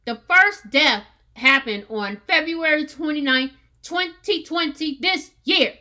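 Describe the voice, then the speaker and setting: A woman's voice: high-pitched, expressive, slow pace, bright, forceful tone. A woman hosting a podcast, giving an earnest opinion monologue with emphatic, repeated words. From United States. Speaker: podcast host.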